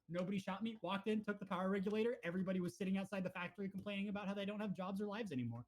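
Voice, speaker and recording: A man with a fairly high voice chats casually on a gaming podcast. He tells his stories with energy and acts out the lines of the characters he met. The talk is loose and full of fillers. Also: racing, few pauses. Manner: animated storyteller, acts out game characters' lines. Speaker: podcast co-host.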